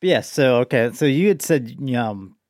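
A man's voice: medium pitch, lively intonation, moderate pace, darkish tone, no echo, studio quality. A man co-hosting a podcast in casual chat, teasing and sarcastic, laughing often. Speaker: podcast co-host.

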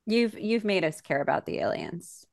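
A woman's voice: on the low side, wildly swooping pitch, normal speed, gravelly, dry recording, clean studio sound. A young woman co-hosting a podcast, chatting in a gushy, rambling way with plenty of fillers. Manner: chatty, gushing, lots of fillers. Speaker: podcast co-host. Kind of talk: casual chat.

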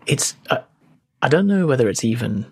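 A man with a husky, mid-pitched voice co-hosts a casual podcast from home. He thinks aloud, restarts his sentences and speaks earnestly. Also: very animated, normal speed. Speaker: podcast co-host. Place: at home, remote call.

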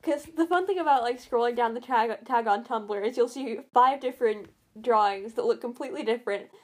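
A young woman in casual fan chat, rambling and animated, poking fun at herself. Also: on the high side, brisk. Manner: rambling, animated, self-deprecating.

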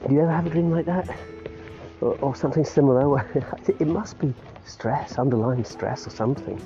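A man in his fifties with a mid-range voice and a slightly fast pace rambles casually about his day for his podcast while walking his dog outside. He laughs a lot and keeps restarting sentences. The recording is muffled, with music clearly audible behind him.

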